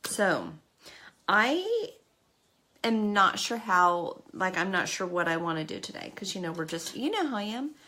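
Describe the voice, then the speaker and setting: A woman's voice: mid-range voice, very animated, a little slow, bright, forceful tone, a little hiss or hum. A woman hosting a live makeup stream, chatty and emotional, talking to her viewers by name. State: tearful at times. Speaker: makeup livestream host. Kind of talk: casual live makeup chat.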